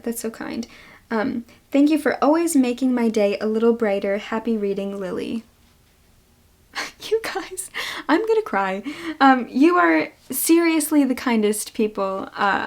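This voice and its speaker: A woman's voice: on the high side, darkish tone. A young woman chatting casually as a book vlogger, gushing and grateful, with many fillers. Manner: gushing, grateful, lots of "oh my gosh" and "um". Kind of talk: casual book haul chat.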